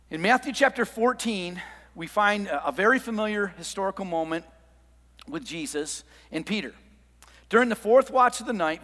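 A pastor preaches in a fairly high voice, dropping to quiet asides and then building to loud, emphatic declarations. His words ring out with the long reverb of a large hall. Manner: preaching with big swings from hushed to loud. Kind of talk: sermon.

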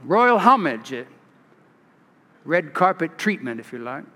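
A man from California, a pastor giving an expressive storytelling sermon with restarts and asides. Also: fairly high pitch, a little slow. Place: large church. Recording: long church reverb.

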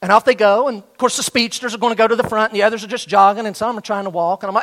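A middle-aged man with a fairly high voice delivers a sermon. He tells a story with energy and switches into the voices of students and their coach as he goes. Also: steady tone, rapid-fire, few pauses, a bit bright. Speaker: pastor.

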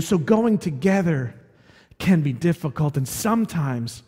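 Male preacher, high voice, chatty sermon full of questions, long hall reverb. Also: a little slow, darkish tone. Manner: conversational, asking the audience questions.

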